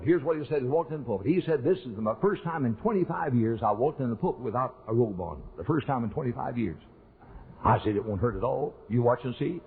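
An older preacher tells his story to the congregation, earnest and repetitive, building his emphasis as he goes. His voice is rough and husky, with a middling pitch. The recording is narrow and tinny, like a phone line. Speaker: pastor. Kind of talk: sermon storytelling.

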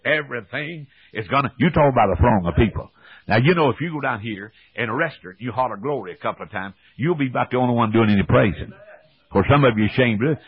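Preacher man going hard, husky voice, dry and dull like an old radio tape. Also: mid-range voice, no echo. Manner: fervent, emphatic, calls for amens, ungrammatical folksy speech. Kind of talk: revival sermon.

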